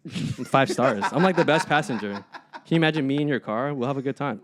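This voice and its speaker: A young man chats casually as a podcast co-host. He tells his stories with animation and voices the people in them, his pitch sitting in the middle range. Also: fast. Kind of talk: casual storytelling chat.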